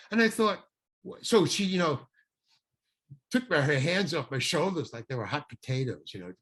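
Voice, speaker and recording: An older man, a guest actor, telling an anecdote in an animated way and acting out the people he quotes. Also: a little high, moderate pace. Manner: animated, acts out quoted voices. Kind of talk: anecdotal storytelling.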